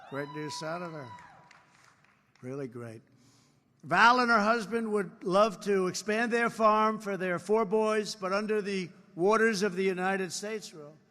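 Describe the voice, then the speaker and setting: Speaking a little slowly in a high, pushed, bright voice, a man in his seventies addresses a convention in a large hall. His political speech rambles, with repeated phrases and boastful asides, and the live hall reverb comes through.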